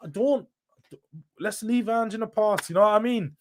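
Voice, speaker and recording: A man's voice: high voice, moderate pace, voice pushed up, close to an everyday voice. A man putting on a brash mock Scouse voice. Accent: put-on Scouse.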